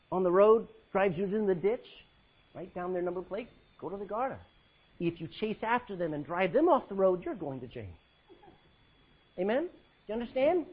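A male preacher delivering an emphatic sermon, swinging from loud, high calls to low, hushed lines. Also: slightly rough, narrow, tinny audio.

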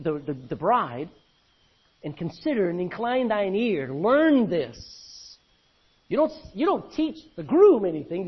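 A man pastor preaching a sermon, reading old-fashioned scripture aloud and swinging between loud emphasis and low, quiet lines. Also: husky. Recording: dull lo-fi recording.

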